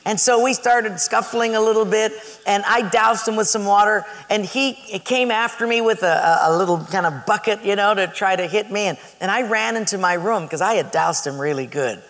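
A man preaching a sermon, telling a story in a lively way with laughter. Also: sits high, normal speed, few pauses, in a large hall.

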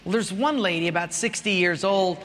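A man's voice: high voice, a little fast, a bit bright, in a large hall. A man preaching a sermon as a pastor, telling stories animatedly and with humor.

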